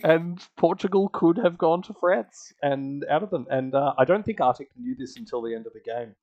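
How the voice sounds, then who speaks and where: A man's voice: fairly high pitch, moderate pace, a little mellow, lo-fi sound. A man casually recapping an online strategy game, laughing often and acting out the other players' lines. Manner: chatty, laughs often, acts out quoted players. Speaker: podcast host.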